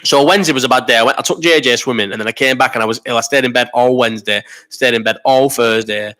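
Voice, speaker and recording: Rambling man in his thirties, crisp mid-pitched voice, sweary chat-show host, a little ill and coughing. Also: sharp tone. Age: 30s. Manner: rambling and sweary, quick banter. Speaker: host of a live chat stream. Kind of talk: casual chat reading viewer comments.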